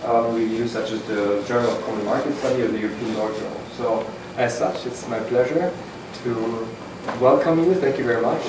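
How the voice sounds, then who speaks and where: A man introducing a guest lecturer, speaking haltingly with many fillers. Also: medium pitch, fairly even intonation. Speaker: event host introducing a speaker. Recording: echoey, distant room mic with noise.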